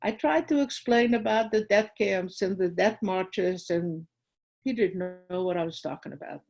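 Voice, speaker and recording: Older woman, gravelly and husky. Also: mid-range voice, moderate pace, darkish tone, poor audio. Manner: vivid retelling, acts out dialogue. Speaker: guest speaker at a school. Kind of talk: personal testimony storytelling.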